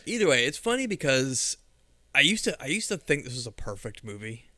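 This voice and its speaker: A man co-hosting a podcast, chatting casually about a movie with quick quips, chuckles and enthusiasm. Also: mid-range voice, big pitch swings, sharp tone, no echo. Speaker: podcast co-host.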